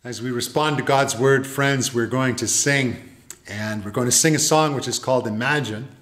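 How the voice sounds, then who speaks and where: A man preaching a sermon in a church, earnest and measured. His pitch sits at an ordinary middle register, and he often repeats phrases to build emphasis. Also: a bit bright, roomy sound. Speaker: pastor. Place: church sanctuary.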